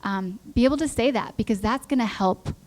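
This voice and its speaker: A woman's voice: a little high, brisk. A middle-aged woman giving a conversational sermon at church, telling stories and acting out the voices she quotes. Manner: lively storytelling, acts out quoted voices. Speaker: church speaker.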